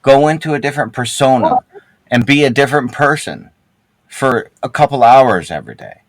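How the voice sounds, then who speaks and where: A man talking over a headset in a gaming group chat, his pitch swinging widely as he pushes his point. He rambles, trips over his words and swears heavily. The sound is dry and close. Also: sing-song, moderate pace, no room sound, rough recording. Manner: rambling, heavy swearing, many restarts. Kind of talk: heated casual voice-chat argument.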